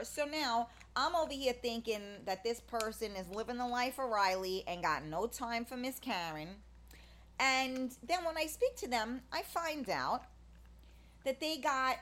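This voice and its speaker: Her voice sits on the high side with a fairly bright tone. She rambles casually, full of fillers and false starts, speaking bluntly and candidly and dropping the occasional swear word.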